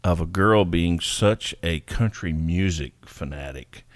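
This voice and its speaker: A man hosting a radio interview, playful and teasing, quick to laugh with his guest. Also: low voice, dry recording. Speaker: radio show host. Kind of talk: casual interview chat.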